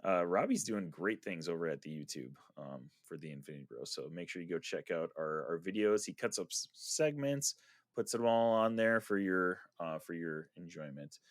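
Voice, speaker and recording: A man's voice: deep voice, expressive, moderate pace, no echo, studio quality. A man hosting a casual podcast chat, upbeat as he wraps up with sign-off plugs. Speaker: podcast host.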